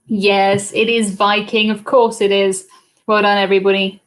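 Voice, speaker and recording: A woman's voice: mid-range voice, level tone, normal speed. A British woman hosting a live cruise trivia stream in a chatty, casual way, reading out viewers' comments and answering them into a laptop webcam mic.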